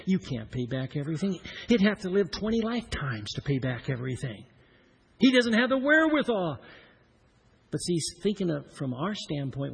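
A middle-aged man preaching a sermon, swinging between loud emphatic lines and hushed, slowed-down ones. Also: medium pitch, creaky, husky, rough recording. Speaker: pastor.

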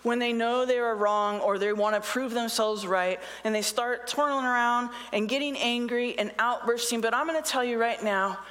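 A woman's voice: fairly high pitch, normal speed, few pauses, a bit bright, big-room sound. A woman pastor preaching a conversational sermon, reading scripture and adding sarcastic asides.

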